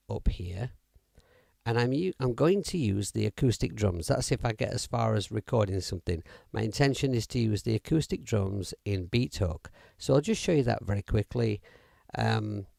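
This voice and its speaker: A man's voice: mid-range voice, creaky, dark tone, dry recording, clean studio sound. A middle-aged man, casually demoing music apps on a live stream, chatty and rambling with fillers and self-corrections. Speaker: music app demo livestreamer. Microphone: audio interface mic.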